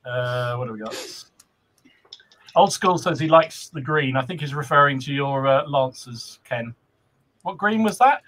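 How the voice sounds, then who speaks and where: A man's voice: medium pitch, lively intonation, measured pace, a bit bright. A man hosting a casual livestream podcast, cheerfully greeting viewers and reading out their comments. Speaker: podcast host.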